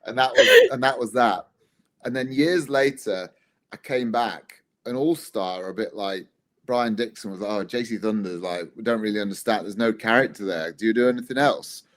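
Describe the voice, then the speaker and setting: A man's voice: fairly low pitch, moderate pace. A man, a wrestler, chatting casually in an interview and telling rambling, self-deprecating stories. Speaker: guest, wrestler.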